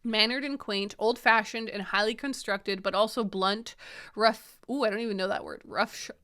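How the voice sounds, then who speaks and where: A woman's voice: mid-range voice, fairly even intonation, normal speed, fairly bright tone. A woman co-hosting a book podcast in casual chat, enthusiastic and rambling with lots of fillers. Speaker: podcast co-host.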